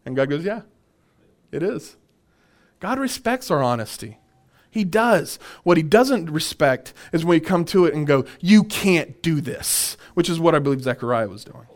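A man's voice: on the high side, expressive, fairly quick. A man who is a minister, leading a conversational Bible workshop. He chuckles often and repeats his key points.

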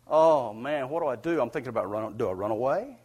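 A man's voice: mid-range voice, lively intonation, fast talker, a little mellow. A man preaching, telling a personal story in a folksy, earnest way with chuckles. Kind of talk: storytelling sermon.

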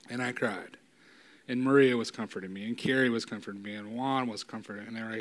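A man preaching a sermon in a casual, conversational way, often asking "right?", and building to loud, emphatic peaks. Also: lowish voice, steady tone, quick pace.

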